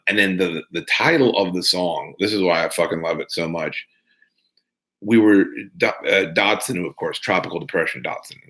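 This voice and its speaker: A man's voice: low voice, creaky, bright, forceful tone. A man talking casually and at length in a solo podcast episode, rambling with lots of fillers and frequent swearing. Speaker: podcast host and band member.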